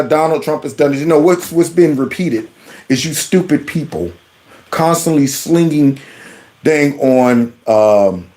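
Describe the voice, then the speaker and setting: A man hosting a political commentary vlog, mocking a clip with sarcastic asides and repeating its words back. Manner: animated, swings from loud jabs to low mutters. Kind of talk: reaction commentary on a video clip.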